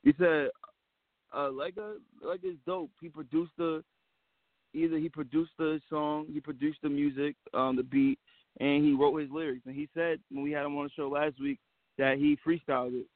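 A man co-hosting a casual online show, easygoing and a little halting as he asks questions. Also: a little high, fairly even intonation, no room sound. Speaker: co-host. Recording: dry tinny phone line.

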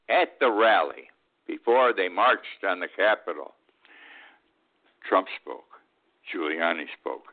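Blunt man in his eighties. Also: low voice. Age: 80s. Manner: blunt, indignant, repeats himself. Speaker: host. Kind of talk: political commentary monologue. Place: Key West. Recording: tinny phone-like line.

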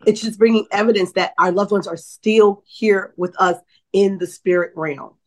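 A woman's voice: mid-range voice, moderate pace. A middle-aged woman from New Orleans, a psychic medium and author, telling stories as a guest and acting out quoted dialogue, often checking in with "right?". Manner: animated storyteller, acts out quoted dialogue, many "right?" asides. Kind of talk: storytelling in a conversational interview.

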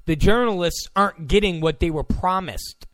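A man's voice: high-pitched, normal speed, a bit bright, no echo. Profane ranting male podcast host. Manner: profane, combative, mocking. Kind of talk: ranting monologue.

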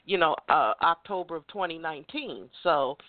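A woman's voice: low-pitched, expressive, moderate pace, no room sound. Woman host, upbeat motivational talker who stumbles and repeats, thin phone-line sound. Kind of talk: casual chat. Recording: dry tinny phone line.

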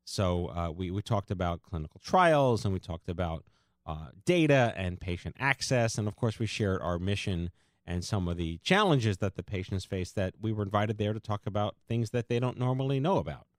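Brief: male podcast host, low voice, rambling delivery with fillers, dry close mic. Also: lively intonation, dry recording. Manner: rambling, halting with many fillers. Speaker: podcast host, co-founder of the organization. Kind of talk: casual podcast chat.

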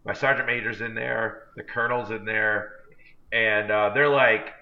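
Telling a long, rambling story that mocks himself, a man co-hosts a casual podcast in a lowish, sharp-toned voice. He keeps a steady tone at a moderate pace, heard on a dull lo-fi recording.

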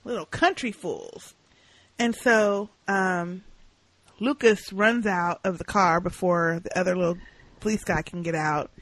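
Woman podcast co-host, lively recap voice that acts out each character's lines, dry studio-close sound. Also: lowish voice, unhurried, no room sound, poor audio. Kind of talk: casual recap chat.

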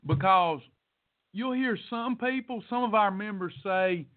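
A man's voice: high-pitched, measured pace, no echo. A man hosting a weight loss podcast, ranting bluntly and scolding his listeners, repeating points for emphasis. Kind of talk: preachy motivational rant. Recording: tinny phone-like audio.

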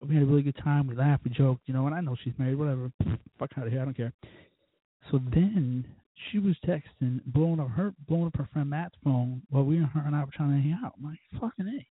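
A man's voice: medium pitch, fast, breathy edge. A man hosting a podcast, telling a profane, fired-up story in a casual rant. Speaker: podcast host. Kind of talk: casual ranting monologue. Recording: tinny phone-like, dry.

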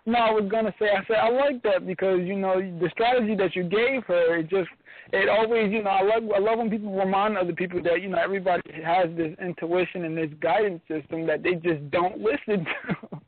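A man co-hosting a radio show, chatting casually and often restarting his sentences. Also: sits high. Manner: halting, restarts sentences, laughs along. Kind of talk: casual chat. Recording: dry phone-line audio.

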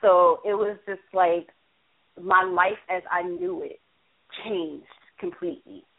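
A woman telling a personal story as a talk-show guest, halting and repeating words, quoting herself and others as she goes. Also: fairly low pitch, steady tone. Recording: phone-line audio.

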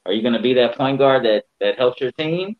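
A man's voice: medium pitch, animated, a little fast. Blunt man on a muffled mic. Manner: blunt, slangy opinions. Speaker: podcast co-host. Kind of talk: casual basketball chat.

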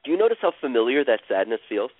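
A man guiding a caller through an emotional healing session, speaking slowly and soothingly and repeating phrases. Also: medium pitch, big pitch swings, no room sound. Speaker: healer guiding a caller on a radio show. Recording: dry, tinny phone-like radio sound.

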